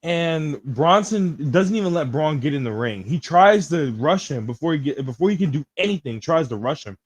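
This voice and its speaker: A man co-hosting a casual wrestling podcast, describing matches excitedly in loose slang. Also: on the high side, moderate pace, husky, dry recording, poor audio. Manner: excitable, slangy, says bro a lot. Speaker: podcast co-host. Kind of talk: casual wrestling review chat.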